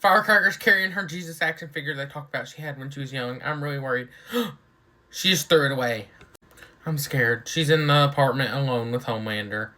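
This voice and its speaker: A speaker reacting to a TV episode in a casual running commentary, excitable and anxious, gasping and shouting at the big moments. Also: mid-range voice, a little fast. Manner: excitable, gasps and shouts at surprises, keeps saying she's worried. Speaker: TV reaction reviewer.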